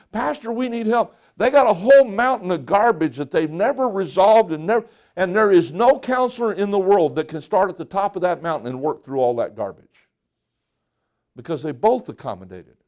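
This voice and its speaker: High-voiced man preaching conversationally. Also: a little mellow. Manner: conversational preaching with acted-out quotes. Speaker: pastor. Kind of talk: sermon.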